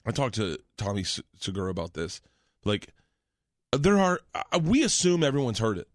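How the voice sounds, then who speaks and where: A man in his forties, a comedian guest telling stories in an animated, excitable way and acting out voices. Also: on the low side, normal speed, dry recording, studio quality. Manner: excitable, acts out voices, laughs mid-sentence. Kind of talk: animated comic storytelling.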